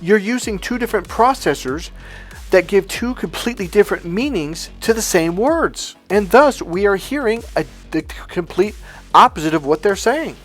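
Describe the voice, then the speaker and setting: A man's voice: sits high, lively intonation, moderate pace, faint music behind. A man working as a dating coach, talking through ideas and a client story in an emphatic, swearing manner.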